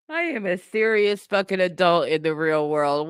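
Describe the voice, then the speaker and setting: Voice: medium pitch, lively intonation, normal speed, clean tone, no room sound, studio quality. A vlogger at home giving casual reaction commentary on song lyrics, sarcastic and laughing often. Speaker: YouTube commentator. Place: home, living room with a couch and a cat.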